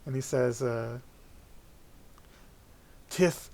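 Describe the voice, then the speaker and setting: A man runs a tabletop game, narrating each action calmly. His pace is slow and measured. His voice sits at an ordinary middle pitch. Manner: unhurried, calm narration with "he says" lead-ins. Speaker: game master.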